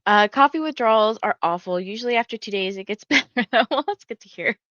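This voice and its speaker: A woman's voice: on the high side, lively intonation, quick pace, fairly bright tone, no echo, highs cut off. A woman hosting a reading livestream, chatting casually and rambling with lots of "like", a little tired, and reading viewer comments aloud. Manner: chatty and rambling, heavy use of "like". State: tired and yawning. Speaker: readathon livestream host.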